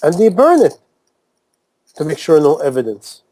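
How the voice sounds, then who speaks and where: A man's voice: a little high, very animated, normal speed, warm tone, dry recording, poor audio. A man preaching a sermon in impassioned, non-native English, repeating phrases and firing off rhetorical questions. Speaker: Islamic preacher.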